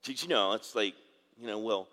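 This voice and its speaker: With a medium pitch and a fairly bright tone at normal speed, this middle-aged pastor delivers his sermon as a conversation, full of asides and questions for the congregation. A long reverb tail trails his words.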